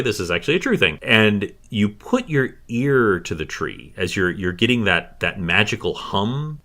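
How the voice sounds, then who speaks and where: Deep-voiced man running a tabletop game. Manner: hushed, suspenseful storytelling. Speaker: game master.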